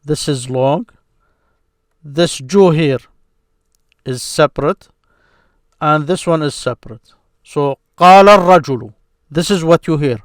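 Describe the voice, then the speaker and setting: A man teaching a beginners' grammar lesson, explaining patiently and repeating syllables slowly for his learners. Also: a little high, no room sound, studio quality.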